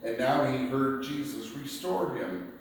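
Slow deliberate guy preaching, sounds far from the mic in a big echoey room, a little background hum. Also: mid-range voice. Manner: slow, deliberate preaching, reading scripture aloud. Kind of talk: sermon. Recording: echoey room picked up from a distance.

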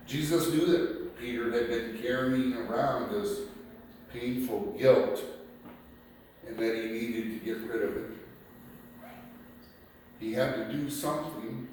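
Slow preacher in an echoey hall. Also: male voice, mid-range voice, darkish tone, slight background noise. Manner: slow, deliberate preaching, reading scripture aloud. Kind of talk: sermon. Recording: echoey room picked up from a distance.

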